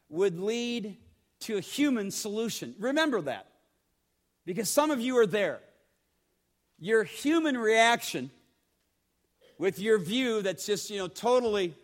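A pastor with a high-pitched voice delivers a sermon to his congregation. He keeps it conversational, repeating words and asking the listeners direct questions.

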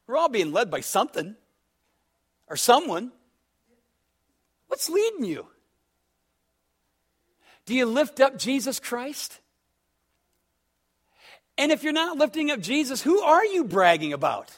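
Impassioned preacher with soaring animated pitch. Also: male voice, breathy edge. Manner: preaching with rising fervor, rhetorical questions; acts out a story with quoted dialogue. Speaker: pastor. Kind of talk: sermon.

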